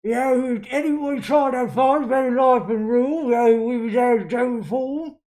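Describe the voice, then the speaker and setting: A game master voicing a boastful old male dwarf veteran who talks loudly in a thick, rambling accent. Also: medium pitch, very animated, moderate pace, voice pushed up, close to an everyday voice. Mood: blustering.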